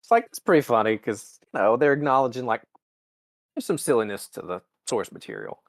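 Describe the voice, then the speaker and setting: A podcast co-host chats casually and profanely, frequently slipping into mocking voices. His medium-pitched voice is creaky, fairly quick, and swings widely in pitch.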